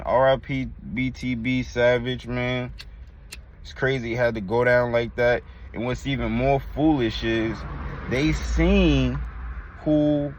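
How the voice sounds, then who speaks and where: A man with a New York accent giving blunt street commentary as host of a reaction video, trailing off at the ends of lines. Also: a little high. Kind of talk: casual commentary. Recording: dull lo-fi sound.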